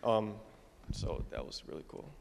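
Gravelly young man sharing a testimony. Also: lowish voice, big pitch swings, measured pace, in a large hall, heavy background noise. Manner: rambling, filler-heavy storytelling. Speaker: congregant giving testimony. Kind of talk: casual spoken testimony.

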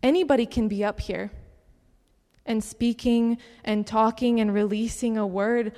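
A woman's voice: fairly high pitch, a little slow. Young woman sharing testimony in a hall. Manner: animated storytelling with laughs. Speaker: speaker at a church gathering. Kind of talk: personal testimony talk. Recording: long hall reverb.

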